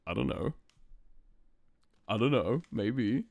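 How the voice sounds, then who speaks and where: A man's voice: medium pitch, slow, vocal fry, darkish tone, slight background noise. A young man streaming live, chatting casually and playfully to his viewers with lots of fillers.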